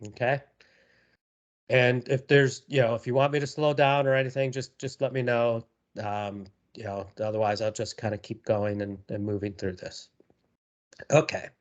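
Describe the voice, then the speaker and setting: A man presenting a live software tutorial, talking casually with many fillers and repeated words. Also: medium pitch, steady tone, moderate pace, lo-fi sound.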